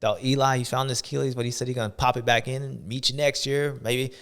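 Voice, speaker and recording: A man's voice: medium pitch, steady tone, fast talker, a bit bright. A man hosting a show, giving playful, slangy, rambling sports commentary. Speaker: show host.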